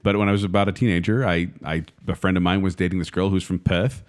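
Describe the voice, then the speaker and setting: Low-voiced man, wry and deadpan. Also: fast. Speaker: podcast co-host. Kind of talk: casual chat.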